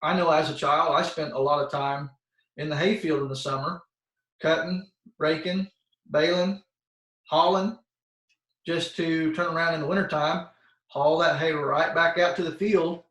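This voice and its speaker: A man with a slightly high voice gives a plain-spoken, folksy lesson to kids, often pausing on fillers and restarting his sentences. He sounds set back from his microphone on a video call. The room around him echoes. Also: fairly even intonation, fairly bright tone. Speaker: soil health expert presenting to schoolchildren. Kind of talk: informal educational talk. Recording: roomy sound, voice far from the mic.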